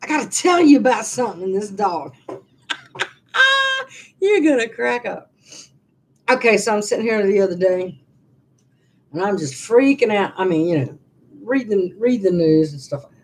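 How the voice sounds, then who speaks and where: A woman's voice: mid-range voice, sing-song, unhurried, long pauses, slightly rough. Chatty woman in her sixties rambling. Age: 60s. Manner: rambling, chatty storytelling with many restarts. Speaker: vlogger. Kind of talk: casual live-stream chat. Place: her living room at home.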